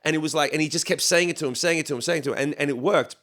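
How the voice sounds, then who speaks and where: A man, a singer-songwriter, chatting casually on a podcast, telling animated stories, acting out what others said and swearing freely. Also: on the high side, rapid-fire. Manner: animated storyteller who acts out quotes, swears freely.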